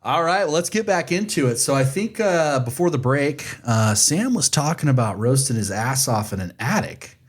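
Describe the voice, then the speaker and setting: A man's voice: mid-range voice, animated, normal speed, breathy edge. A man hosting a podcast in an easygoing, joking, informal way. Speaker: podcast host. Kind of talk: casual podcast chat.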